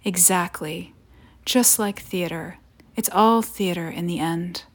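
A woman reading aloud as sinister, teasing mysterious men, in a soft and hushed voice. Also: lowish voice, slow pace. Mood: sly, hushed.

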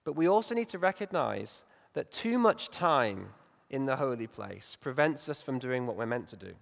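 A man preaching a morning sermon in a church, reflective and conversational. He turns lively and playful when he retells the scriptures. His mid-pitched voice echoes with the long reverb of a large hall. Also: normal speed, creaky.

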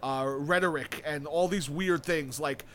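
A man's voice: fairly high pitch, measured pace, fairly bright tone. A young man in casual chat, rambling enthusiastically with lots of fillers, restarts and casual swearing. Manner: enthusiastic about a video game.

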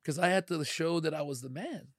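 A middle-aged man in casual podcast chat, animated and acting out quoted voices. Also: a little high, brisk, no echo, clean studio sound.

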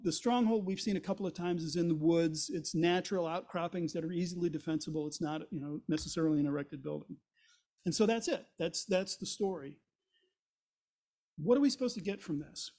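A man's voice: high voice, a little mellow. A man teaching through a Bible chapter as a pastor, retelling the story and paraphrasing the characters' words in everyday speech.

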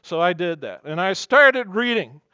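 A man's voice: sits high, big pitch swings, normal speed, bright, forceful tone, clear, resonant tone, dry recording, dull audio. A man preaching a sermon as pastor, earnest and emphatic, weaving in personal stories.

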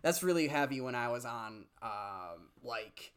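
Young male podcast co-host, chatty and loose, lots of fillers, mid-pitched voice. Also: expressive, unhurried, a crowd in the background. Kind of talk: casual chat.

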